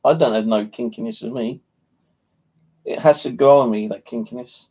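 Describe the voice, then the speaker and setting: A man's voice: mid-range voice, normal speed, dark tone, husky. An English man chatting casually on a live stream, rambling and joking crudely, with a slight lisp from missing teeth. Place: home.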